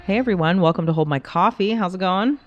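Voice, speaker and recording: A woman's voice: fairly low pitch, fast talker, muffled recording, faint music behind. A young Canadian woman co-hosting a podcast, steering the chat and telling stories with dry humour. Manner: steady, wry storyteller who leads the conversation. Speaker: podcast co-host. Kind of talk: casual chat.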